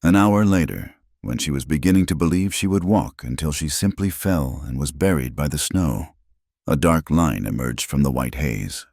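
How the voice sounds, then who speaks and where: Deep voiced guy reading a western story, slow dramatic measured delivery, dry sound. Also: animated, creaky, a little mellow, dry recording. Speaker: narrator. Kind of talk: scripted storytelling narration.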